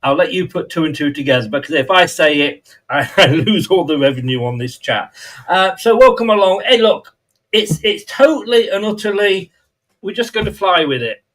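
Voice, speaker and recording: Jokey high-voiced man hosting. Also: expressive, moderate pace, a bit bright, poor audio. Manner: jokey, rambling, laughs often. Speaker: podcast host. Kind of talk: casual chat.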